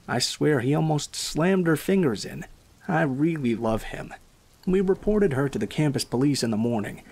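A man narrating a first-person horror story in a steady, scripted reading voice. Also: mid-range voice.

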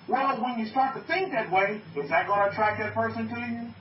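A high-pitched North American man speaks a little fast, with hardly any pauses, preaching emphatically to people online. He repeats his phrases and asks his listeners questions, and the recording is muffled, echoey, distant, and has faint background noise.

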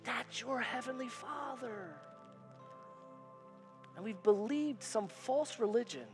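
A man's voice: very high voice, animated, takes it slowly. A male pastor preaching a sermon, emphatic and repetitive, with call-and-response phrases. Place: church sanctuary. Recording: hall reverb with faint music.

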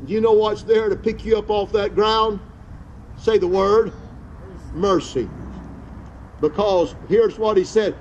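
High-voiced, slow-preaching male pastor. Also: steady tone, dull audio, a little hiss or hum. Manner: fervent preaching with repeated phrases and stumbling restarts. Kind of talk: outdoor sermon. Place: outdoor church service.

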